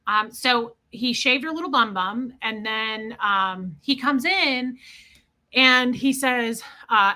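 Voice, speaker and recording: Hosting a casual livestream, this woman talks unhurriedly in a slightly high voice with a sharp tone. Her story wanders in a scattered, chatty way, and she stops to greet viewers as she goes.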